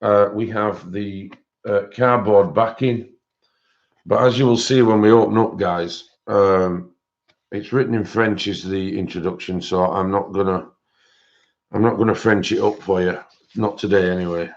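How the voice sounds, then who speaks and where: A man's voice: lowish voice, fairly even intonation, a little slow. A man hosting a colouring live stream in casual, rambling chat, greeting viewers by name. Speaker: colouring channel host. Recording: dull lo-fi stream audio.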